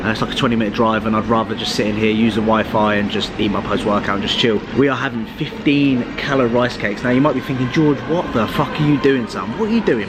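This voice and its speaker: A man's voice: mid-range voice, background noise. A man talking casually in a vlog, blunt and rambling, swearing freely. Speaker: fitness vlogger and coach.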